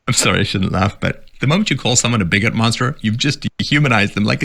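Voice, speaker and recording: A man's voice: fairly low pitch, fairly quick, vocal fry, pushed and bright. A man giving sarcastic political commentary, reading out quotes and mocking them.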